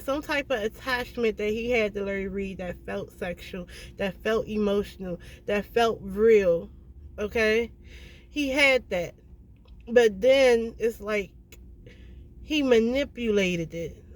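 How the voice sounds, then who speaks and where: Speaking at a medium pitch, a tarot reader gives viewers a casual reading. The delivery is blunt and emphatic, with free swearing and frequent quick "okay?" check-ins.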